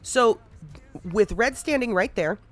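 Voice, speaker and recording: A woman's voice: fairly high pitch, animated, slow, loud music behind the voice. A woman hosting a podcast, chatting casually and recounting a roleplay story with frequent laughs and casual swearing. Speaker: podcast host.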